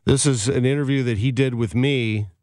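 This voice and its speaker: Energetic sports radio host. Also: male voice, mid-range voice, moderate pace, no room sound, clean studio sound. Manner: energetic, indignant, animated. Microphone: studio microphone.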